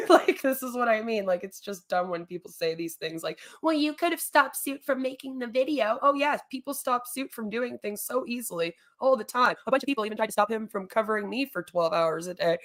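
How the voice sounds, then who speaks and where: A woman's voice: a little high, animated, a little fast, a bit bright. A woman streamer ranting in a long, rambling monologue, exasperated and swearing often.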